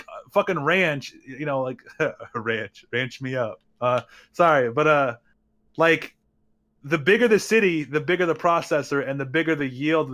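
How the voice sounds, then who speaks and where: A man with a slightly high voice chatting loosely on a stream. He rambles, restarts his thoughts, curses freely and breaks into laughter. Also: a bit bright. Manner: rambling, swears a lot, laughs often. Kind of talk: casual stream chat.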